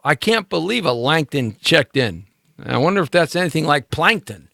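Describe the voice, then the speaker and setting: A man's voice: a little high, lively intonation, fairly quick, gravelly, bright, forceful tone, no echo, studio quality. A man hosting a live talk show in a casual, rambling, playful monologue, speaking directly to his listeners.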